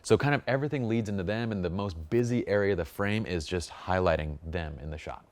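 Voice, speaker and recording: A man's voice: sits low, fairly quick. A man teaching a photography workshop, upbeat and jokey, full of enthusiasm. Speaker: photography instructor. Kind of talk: workshop lesson.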